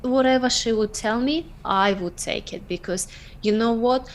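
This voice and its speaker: A woman's voice: fairly high pitch, normal speed, slight background noise. Earnest woman telling her story. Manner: earnest, emotional, dropping small words. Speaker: podcast guest. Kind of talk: personal storytelling.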